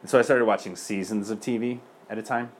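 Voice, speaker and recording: A man's voice: lowish voice, steady tone, quick pace, a little hiss or hum. A young man speaking as a priest, giving an earnest personal testimony in a loose conversational way. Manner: earnest and conversational, many fillers.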